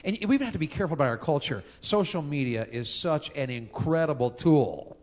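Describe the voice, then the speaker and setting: A man's voice: on the high side, expressive, brisk, darkish tone. A man, preaching a sermon on marriage in a folksy, joking way and talking with the crowd. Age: 50s. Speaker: pastor.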